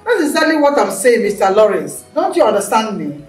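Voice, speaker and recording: A bossy mom in a movie, scolds fast, roomy echo, kinda far off. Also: female voice, fairly high pitch, sing-song, faint music behind. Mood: impatient. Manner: firm, bossy, quick to scold. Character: strong-willed middle-aged mother planning her son's wedding. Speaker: mother. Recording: echoey room, mic at a distance.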